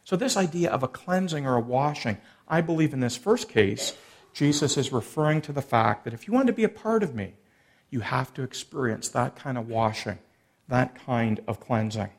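Guy preaching a sermon, bit of gravel in his voice, acts out the quotes. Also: mid-range voice, expressive, normal speed. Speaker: pastor.

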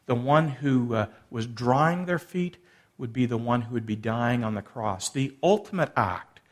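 A man's voice: mid-range voice, animated, unhurried. A man preaching a sermon, expounding a passage and acting out the quoted lines with shifting emphasis. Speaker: pastor.

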